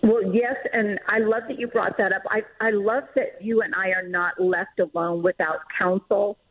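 A woman's voice: medium pitch, steady tone. Middle aged woman guest on the phone, earnest, emphatic, sounds tinny and phone-like. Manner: emphatic and earnest, quick laughs. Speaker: author and guest. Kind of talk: casual interview talk. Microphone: phone call.

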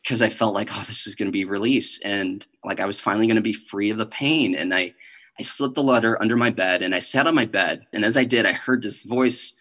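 A young man, a guest in an interview, telling a personal faith story in an earnest, halting way with nervous little laughs. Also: fairly low pitch, pushed and bright.

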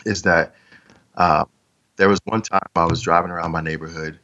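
A man's voice: low voice, fairly even intonation, moderate pace, pushed and bright, lo-fi sound. A man interviewed as a podcast guest, telling a story in an earnest, reflective way with trailing restarts.

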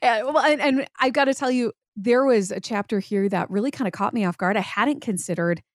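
A woman's voice: fairly high pitch, brisk, dry recording, clean studio sound. A woman in her thirties hosting an interview, telling a family story in an eager, chatty way. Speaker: podcast host. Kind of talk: interview, casual chat.

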